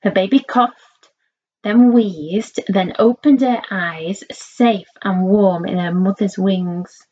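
A woman reading a children's story aloud in a slow, expressive way, on a slightly dull lo-fi recording. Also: mid-range voice, slightly rough.

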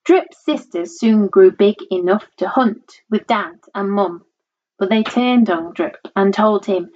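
A woman reading a rhyming storybook aloud in a lilting, rhythmic, expressive voice, on a dull lo-fi recording. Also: medium pitch, slow pace.

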